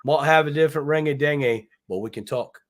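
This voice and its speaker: A man's voice: a little high, fairly quick. Rambling, jokey man on a livestream. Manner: rambling, jokey, thinks aloud while browsing. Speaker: co-host. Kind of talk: casual livestream chat.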